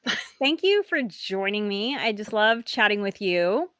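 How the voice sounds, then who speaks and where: A woman's voice: mid-range voice, very animated, measured pace, a bit bright, smooth, no echo, studio quality. A woman hosting a comedy show, chatting casually and teasing her guest. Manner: playful, teasing, laughs often. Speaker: comedy show host interviewer. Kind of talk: casual interview chat.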